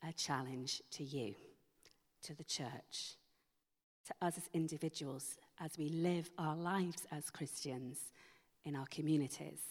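Slow low-voiced woman preaching in a hall. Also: breathy edge. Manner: slow, emphatic rhetorical questions. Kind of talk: sermon. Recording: long hall reverb.

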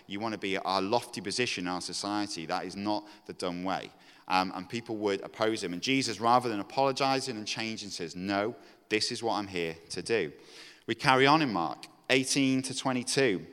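A man's voice: lowish voice, a bit bright. A man preaching a conversational sermon, with fillers and restarts as he talks through a passage. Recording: long hall reverb.

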